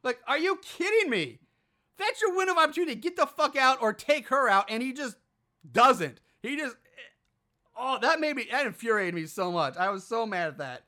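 A podcast host recaps a film casually, swearing, animated and exasperated. His bright, lively pitch comes with a brisk delivery.

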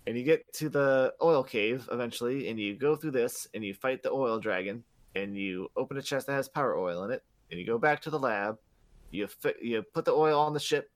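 A man co-hosting a podcast recaps a video game's story in loose, meandering fashion. He fills his sentences with "like" and "uh" and swears freely as he goes. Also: mid-range voice. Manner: rambling, profane, many fillers. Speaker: podcast co-host. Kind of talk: casual game recap.

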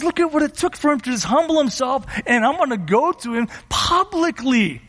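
High-voiced preaching man in reverberant hall. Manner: earnest, slows for emphasis, dramatizes quotes. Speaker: pastor. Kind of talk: sermon.

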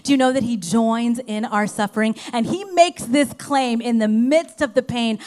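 A woman pastor preaching a sermon to her church, emphatic, swinging between loud urgency and soft hushed passages. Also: fairly high pitch, normal speed, hardly any pauses.

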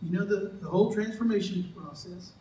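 Pastor, male, high voice, conversational sermon, echoey distant church recording. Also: a little fast, warm tone, a little hiss or hum. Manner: conversational, joking, acts out quoted voices. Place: church sanctuary. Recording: echoey church hall, mic from afar.

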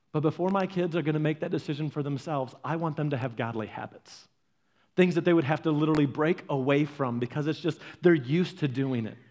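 Male pastor preaching, pretty high voice, chatty, stumbles and repeats words. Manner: conversational, repeats words, animated storytelling. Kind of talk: preaching a sermon.

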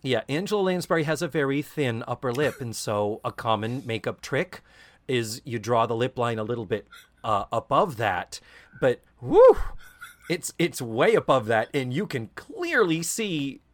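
A man co-hosting a podcast in casual chat, an animated storyteller who swears freely. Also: medium pitch, normal speed. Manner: animated storyteller, swearing, slips into mock Cockney quotes. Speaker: podcast co-host.

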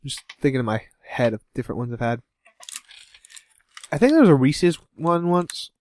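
A man's voice: medium pitch, big pitch swings, moderate pace, darkish tone. A man co-hosting a podcast taste test in casual chat, joking, laughing often and rambling through asides. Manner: jokey and giggly, rambling asides. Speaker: podcast co-host.

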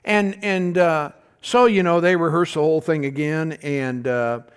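A man preaching a sermon as pastor, animated, calling out questions to the congregation and restarting his sentences. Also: smooth. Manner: animated preacher, calls to the congregation, pitch jumps high for emphasis; halting restarts and fillers.

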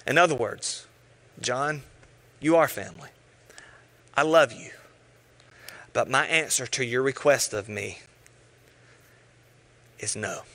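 A man preaching a sermon, telling stories with animated voices and sometimes dropping to a hush. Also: medium pitch, slow pace, long pauses. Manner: animated storytelling, acting out voices, dropping to hushed tones. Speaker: pastor.

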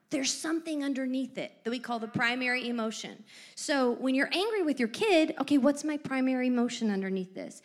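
A middle-aged woman co-hosting a faith-based parenting chat, telling stories with lively asides. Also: high-pitched, fairly quick. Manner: animated storyteller with lively asides.

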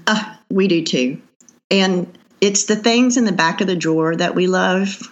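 A woman's voice: on the low side, unhurried, muffled recording. A woman, chatting as a cookbook author guest in an interview, laughing easily and trailing off with fillers. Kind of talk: casual interview chat.

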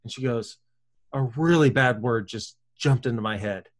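A man in his thirties telling a story in an animated, chatty way, with fillers as he goes. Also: medium pitch, normal speed. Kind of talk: casual storytelling.

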